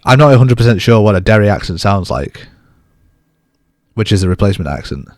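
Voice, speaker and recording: A man's voice: fairly low pitch, very animated, fairly quick, a little mellow, no echo, clean studio sound. A man co-hosting a podcast, chatting casually in a bantering, self-deprecating way. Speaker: podcast co-host.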